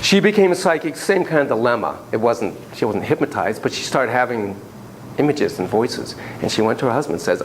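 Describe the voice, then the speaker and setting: A middle-aged man lecturing on psychotherapy to a class, telling stories in an animated, digressive way full of asides. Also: mid-range voice, a little fast, slight background noise, poor audio. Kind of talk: lecture with storytelling.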